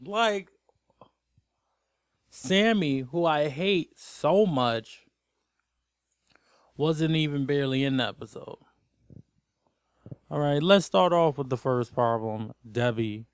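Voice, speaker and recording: A man's voice: on the high side, lively intonation, slow, pauses often, clear, resonant tone, no room sound, clean studio sound. Exasperated man ranting in a recap. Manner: exasperated, rambling rant. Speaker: TV recap host. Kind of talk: casual TV episode recap.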